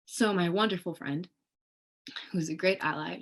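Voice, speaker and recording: A woman's voice: lowish voice, normal speed, breathy edge. A young woman, a student guest on a panel, telling a personal story in casual speech and acting out other people's voices. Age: young adult. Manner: animated, acts out others' voices in quotes.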